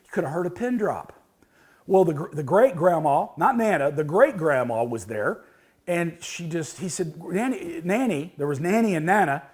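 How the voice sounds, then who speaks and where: A man in his fifties hosts a cooking show, spinning a folksy story for a cooking tip. His voice sits high and swings widely in pitch as he talks. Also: lively intonation, moderate pace, husky. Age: 50s.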